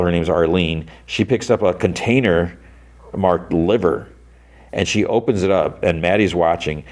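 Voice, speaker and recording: Low-voiced man rambling through a recap. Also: darkish tone. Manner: rambling retelling full of "like" and "you know". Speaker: podcast host. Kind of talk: casual episode recap.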